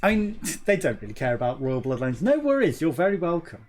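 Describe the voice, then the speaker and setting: A man's voice: a little high, very animated, fairly quick, soft background music. Chatty British man streaming a game. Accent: mixed British, shifting between regions. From Birmingham, England. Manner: chatty, chuckling, reads game text aloud. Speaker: let's-play streamer. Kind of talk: casual game commentary and chat.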